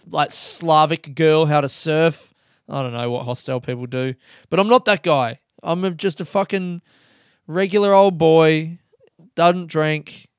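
Young Australian man, smooth voice. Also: fairly high pitch, dry recording, clean studio sound. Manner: rambling, self-mocking, casual swearing, laughs between lines. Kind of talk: comic storytelling monologue.

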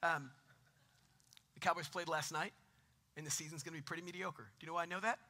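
Man, 30s, pastor, conversational sermon, slightly high voice, bright and forceful. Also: fairly even intonation, fast talker. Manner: conversational preaching with jokes and rising emphasis.

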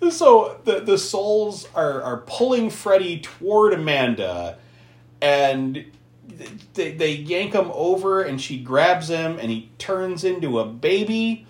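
A man's voice: a little high, sing-song, slow. A man hosting a podcast, casually recapping a film, swearing and laughing often as he tells it. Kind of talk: casual movie recap chat. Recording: echoey room.

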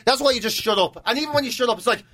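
A man, co-hosting a comedy chat and launching into shouted, sweary mock rants. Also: very high voice, rapid-fire, no room sound, clean studio sound. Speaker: podcast co-host. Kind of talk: comedic chat with acted-out rows.

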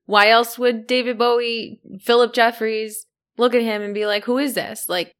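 A woman's voice: a little high, flat delivery, moderate pace, a bit bright, clear, resonant tone. A woman in casual chat, puzzled and questioning, laughing easily as she talks. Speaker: podcast co-host.

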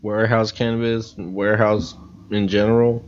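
Terse, low-voiced young guest, muffled. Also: male voice, flat delivery, normal speed. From California. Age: young adult. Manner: terse, reluctant, mumbled short answers. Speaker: studio guest. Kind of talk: casual chat. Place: studio. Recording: muffled lo-fi audio.

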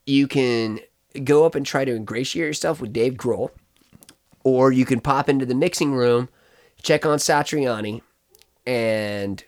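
A man hosting and narrating an improvised comedy scenario, rambling with many fillers and swearing. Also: medium pitch. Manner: rambling, profane, lots of fillers. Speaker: host running an improvised scenario.

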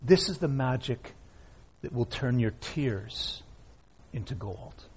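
A man preaching a sermon as pastor, reading scripture aloud and swinging from loud emphatic lines to hushed, near-whispered ones. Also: medium pitch, lively intonation, takes it slowly, a little hiss or hum. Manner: reads scripture aloud with feeling.

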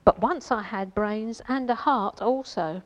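A woman's voice: fairly high pitch, a little slow, lo-fi sound, close to an everyday voice. A wistful tin man, as a woman reads him out.

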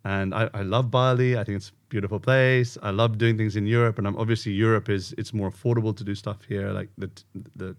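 A man hosting a casual conversation, a yoga retreat leader, talking in a loose, searching way with lots of restarts. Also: fairly low pitch.

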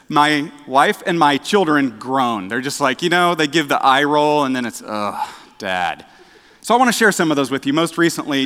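A man preaching a casual sermon, chatty and self-deprecating, with halting restarts and dad jokes. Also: a little high, pushed and bright. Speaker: director of outreach, preaching. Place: church sanctuary. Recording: echoey church hall.

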